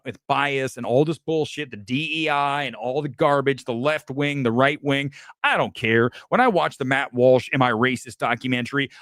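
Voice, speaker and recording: A man's voice: no echo, clean studio sound. A man hosting a film talk show, ranting with brash, boastful and profane opinions. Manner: brash, boastful, profane, animated swings of pitch. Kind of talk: opinionated live stream rant.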